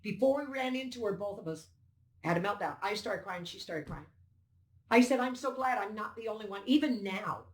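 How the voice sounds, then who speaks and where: A woman's voice: medium pitch, animated, brisk. Older lady, fired up and emphatic, acts out what people said, echoey room. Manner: emphatic and indignant, acting out dialogue. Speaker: poll challenger recounting events. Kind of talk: interview testimony. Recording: roomy echo.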